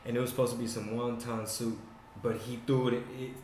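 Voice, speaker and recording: A man chatting casually and telling stories, swearing often and animated. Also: mid-range voice, brisk, a little hiss or hum. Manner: profane, animated storyteller. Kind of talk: casual chat. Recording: echoey room.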